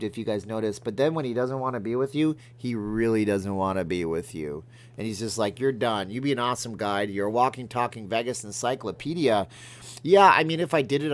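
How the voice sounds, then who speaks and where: A middle-aged man from Canada hosting a casual livestream, reading viewer comments and rambling between jokes and remarks to his cat. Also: fairly low pitch. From Alberta, Canada. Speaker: livestream host.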